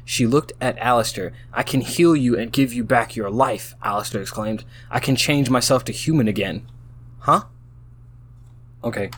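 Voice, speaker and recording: A man's voice: mid-range voice, a bit bright, a little hiss or hum. Tipsy man reading aloud, baffled outbursts. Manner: reads story lines aloud, then breaks off into baffled exclamations. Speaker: host reading out an AI-written story. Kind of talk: casual reading aloud with running commentary.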